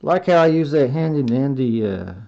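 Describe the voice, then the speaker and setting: A man's voice: mid-range voice, expressive, normal speed, creaky. A man narrating a hands-on robot build tutorial in a folksy, self-talking way, stopping to correct himself as he works. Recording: dull lo-fi sound.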